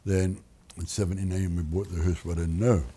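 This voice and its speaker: Older man, retired, deep voice, husky, rambling storyteller. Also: level tone, moderate pace, dark tone. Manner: rambling, restarts sentences, wry. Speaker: interviewee.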